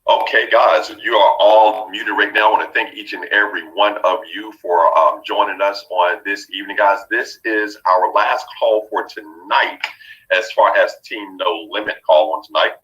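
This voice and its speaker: A man's voice: lowish voice, steady tone, moderate pace, sharp tone, rough recording. A man hosting a business conference call, greeting people as they join with repeated upbeat thanks. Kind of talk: welcoming callers before a live call.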